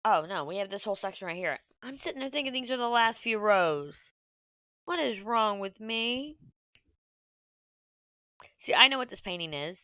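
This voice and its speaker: A woman vlogging casually while she crafts, chatty and self-mocking, thinking her plans out loud. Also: mid-range voice, animated, normal speed, long pauses, dry recording.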